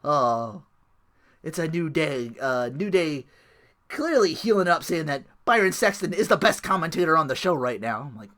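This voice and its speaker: A man hosting a casual wrestling chat show, animated and laughing often as he acts out quotes. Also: on the high side, normal speed. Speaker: podcast host.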